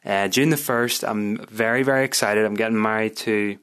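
A man's voice: on the low side, steady tone, moderate pace, a bit bright, clean tone. A young man with a Northern Irish accent, hosting a podcast in a rambling, chatty, self-mocking way. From Northern Ireland. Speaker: podcast host. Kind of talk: casual solo podcast chat.

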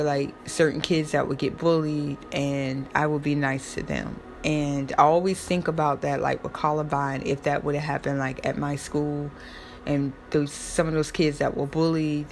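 A woman's voice: low voice, fairly even intonation, normal speed, slight background noise. A young woman talking casually and emotionally, rambling with many fillers and restarts. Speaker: host. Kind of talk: casual personal talk.

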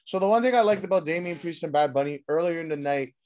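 A man's voice: fairly high pitch, quick pace, a little mellow. Casual profane man recapping wrestling. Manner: loose, profane, rambling. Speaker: wrestling podcast host.

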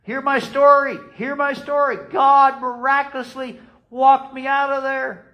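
A man playing a freshly freed man who hushes others and pleads urgently to be heard. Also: extremely high pitch, little pitch movement, measured pace, lo-fi sound, voice pushed up.

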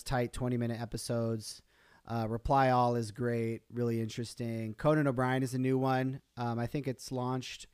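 This podcast host speaks at medium pitch with a darkish, clear, resonant tone, recorded at studio quality without echo. Broadcasting his own show live, he talks in a loose, chatty way, full of fillers and self-interruptions.

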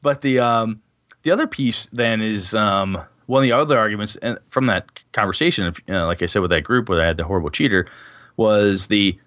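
A man's voice: lowish voice, fairly quick, fairly bright tone, no echo, clean studio sound. A man co-hosting a casual podcast about tabletop games, telling rambling, profane stories about his days as a game master. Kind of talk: casual chat.

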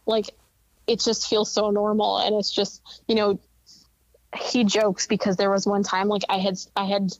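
A woman's voice: medium pitch, completely flat delivery, moderate pace, no room sound, muffled recording. A woman as a podcast guest, talking frankly and openly with many fillers. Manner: frank and chatty, many "like" and "you know" fillers. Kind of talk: candid podcast interview.

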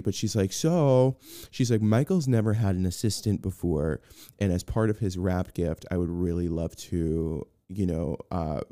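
A man's voice: low-pitched, dark tone, no room sound, studio quality. A man telling a long story in a casual interview, rambling with restarts and acting out what others said. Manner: rambling, many restarts, acts out quoted voices. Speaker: guest, film personal assistant.

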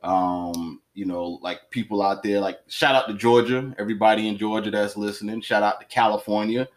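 Casual male podcast host, rambling and loose with shout-outs. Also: lowish voice, steady tone, fairly quick.

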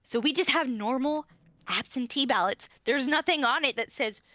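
A bright, sharp-toned woman from California in casual podcast chat. She talks bluntly and sarcastically and swears freely, and her voice sits a little high. The recording is dry with a slightly dull tone. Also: normal speed, no echo. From California, USA.

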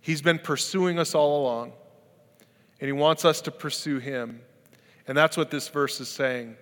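A man's voice: on the high side, unhurried, fairly bright tone. A middle-aged man, a pastor, preaching a sermon in a conversational, storytelling way. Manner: conversational, storytelling with acted-out quotes. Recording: long hall reverb.

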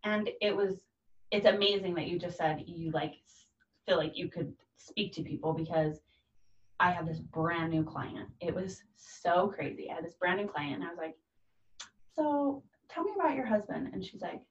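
A woman in her thirties speaks earnestly and from the heart, with a slightly low voice. She acts out other people's voices as she talks. The recording is muffled and picked up from across an echoey room. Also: steady tone, normal speed. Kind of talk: casual conversation. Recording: dull, distant, echoey room.

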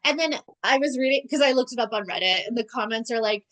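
A woman's voice: fairly high pitch, quick pace, a bit bright, rough recording. A young woman co-hosting a casual podcast, recapping a TV episode in a chatty, sarcastic way, full of "like". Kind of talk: casual chat.

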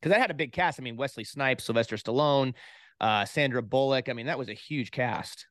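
A man's voice: medium pitch, fairly quick, a bit bright, no room sound. Chatty man hosting a podcast, dry. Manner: chatty, enthusiastic, stumbles on repeated words. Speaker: podcast host. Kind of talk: casual interview hosting.

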